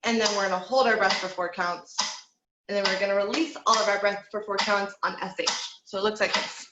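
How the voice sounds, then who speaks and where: A woman's voice: medium pitch, fairly even intonation, fairly quick, muffled recording, very noisy. Woman vocal coach in an echoey room. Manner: encouraging, instructive, counts aloud. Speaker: vocal teacher. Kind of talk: online singing lesson, guiding breathing exercises. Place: home room.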